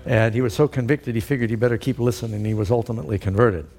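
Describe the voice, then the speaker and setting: A middle-aged man preaching a sermon at an ordinary, middle pitch. He tells stories in a loose, chatty way, pausing on "uh" and "you know" as he goes. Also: warm tone. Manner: conversational storytelling with fillers.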